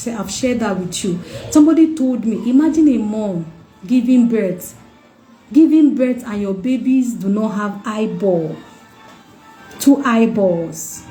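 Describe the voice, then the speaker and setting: Woman, fairly high voice, heartfelt personal testimony, repeats lines for emphasis, echoey room. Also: dark tone. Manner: emotional, repeats phrases for emphasis. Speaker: mother sharing her testimony.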